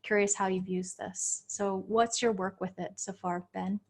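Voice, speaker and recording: A woman coach leading a live group session, gently guiding listeners into their feelings and explaining. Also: mid-range voice, level tone, a little hiss or hum. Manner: soothing, guiding, speaks slowly when leading feelings. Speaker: Human Design coach.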